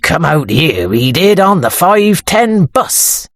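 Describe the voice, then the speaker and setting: A woman voicing a middle-aged police sergeant, slow-spoken and deferential, with a husky edge. His pitch moves about freely in a dry, close recording. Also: very animated, no room sound, heavily acted. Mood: steady. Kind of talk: audiobook character reading.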